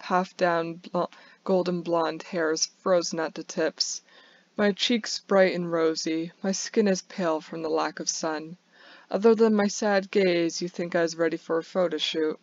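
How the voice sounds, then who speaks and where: A woman's voice: on the low side, no room sound. A woman reads a first-person short story aloud for bedtime listening. She stumbles and restarts now and then. The sound is dry and a little dull, with no room around it.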